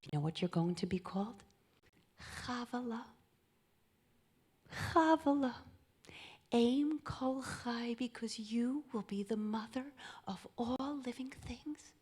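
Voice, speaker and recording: A woman voicing the biblical first man as a tender, devoted husband, speaking softly and slowly. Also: on the high side, husky, pitched above the performer's own voice.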